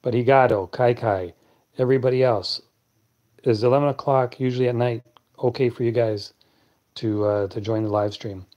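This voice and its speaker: Deep-voiced man chatting on a late stream. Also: normal speed, highs cut off. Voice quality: deep, clear radio voice. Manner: relaxed, chatty, answers viewers by name. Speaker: live stream host. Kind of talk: late-night live stream chat reading comments.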